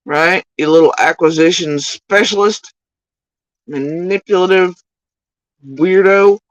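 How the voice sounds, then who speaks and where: A woman's voice: fairly low pitch, slow pace, no echo, muffled recording. A woman streamer, ranting and swearing in sarcastic, mocking commentary on clips she plays.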